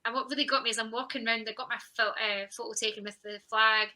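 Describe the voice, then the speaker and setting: Bright-voiced woman telling a lively story. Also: fairly high pitch, quick pace, low-quality recording. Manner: animated storytelling, acting out her own past thoughts. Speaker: guest, champion sprinter. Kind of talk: conversational podcast interview.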